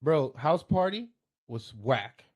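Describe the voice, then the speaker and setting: A man's voice: fairly high pitch, big pitch swings, takes it slowly, a crowd in the background. Laid-back man peppering talk with "bro". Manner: laid-back, profane storytelling with frequent "bro". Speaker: podcast co-host. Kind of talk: casual chat.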